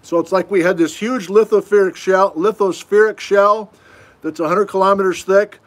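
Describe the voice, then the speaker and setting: Taking viewer questions during a casual at-home geology stream, a middle-aged instructor keeps things chatty and homespun, with self-mocking asides. He talks at normal speed in a fairly high voice, captured as if by a webcam or desk mic in an indoor room.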